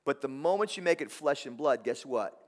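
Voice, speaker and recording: Impassioned preacher in a reverberant hall. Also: male voice, mid-range voice, animated, fairly quick. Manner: impassioned preaching, repeats words, asks the congregation questions. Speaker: pastor. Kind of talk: sermon.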